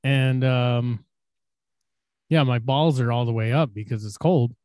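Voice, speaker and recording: A young man telling a crude, profane story in casual podcast chat, acting out shouted quotes. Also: mid-range voice, a little slow, no room sound, clean studio sound. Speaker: podcast co-host.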